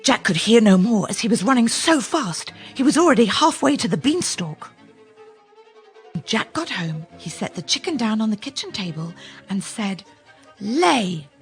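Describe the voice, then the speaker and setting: A woman narrating a children's fairy tale in an expressive storytelling manner. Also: mid-range voice, moderate pace, soft background music.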